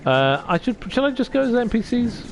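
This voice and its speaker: A man's voice: extremely high pitch, sing-song, a little fast, vocal fry, slight background noise. A man live-streaming a game, chatting casually, reading dialogue aloud and laughing at himself. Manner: chatty, self-deprecating, reads dialogue aloud.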